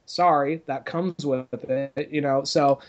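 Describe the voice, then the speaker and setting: A man's voice: on the high side, fairly even intonation, slow pace, lo-fi sound. A man co-hosting a podcast in casual chat, easygoing, laughing and swearing. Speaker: podcast co-host.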